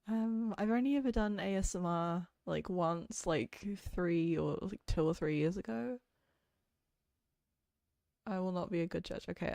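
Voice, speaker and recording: A woman rambles through a casual stream chat, leaning on "like" at every turn. Her voice has a gravelly, fry-laced edge, and the sound is close and dry. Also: on the low side, a little mellow, no room sound. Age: late 20s. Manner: rambling and chatty, full of "like" fillers. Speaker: VTuber streamer.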